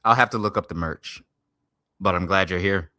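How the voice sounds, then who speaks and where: A man streaming and reacting to a video, talking loudly in profane slang and swinging between hype and mumbles. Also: low voice, moderate pace, dry recording, studio quality. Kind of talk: casual reaction stream chat.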